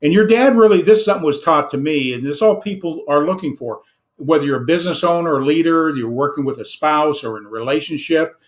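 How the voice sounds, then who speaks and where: A man's voice: on the high side, brisk. Guy hosting an interview, financial coach, earnest and reflective, lots of ums. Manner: earnest, sums up with repeated phrases and fillers.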